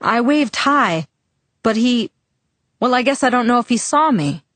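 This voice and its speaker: A woman's voice: fairly high pitch, expressive, unhurried, a bit bright, no room sound, voice pushed up. A woman reading the lines of a stern, worried father who is a police chief. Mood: hesitant. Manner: stern, demanding.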